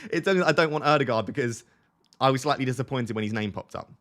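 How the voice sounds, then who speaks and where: Young guy streaming, chatty and self-mocking, mid-pitch voice. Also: quick pace, a bit bright. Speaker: fantasy football streamer. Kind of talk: casual live-stream chat.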